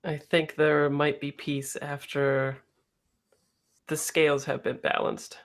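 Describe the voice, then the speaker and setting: A player speaking in character in a slow, low-key way. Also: flat delivery. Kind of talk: tabletop role-play.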